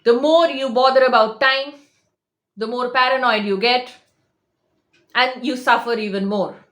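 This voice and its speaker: A fairly high-voiced woman talks straight to her viewers as a coach. She is insistent and emphatic, hammering on the same points again and again. The room around her rings with echo. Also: fairly even intonation, measured pace, fairly bright tone. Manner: insistent, repeats herself, emphatic. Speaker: manifestation coach. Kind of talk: direct-to-camera motivational talk.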